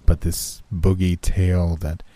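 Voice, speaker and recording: A man's voice: deep voice, little pitch movement, measured pace, mellow, no echo. A man doing a stiff, skeptical chaplain. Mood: dismissive. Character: skeptical male prison chaplain, stiff and curt.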